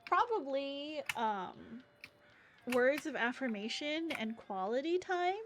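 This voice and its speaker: A woman's voice: high voice, sing-song, slow pace. A woman streaming a game, chatting casually and giggly while reading chat aloud. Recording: audible background noise and keyboard clicks.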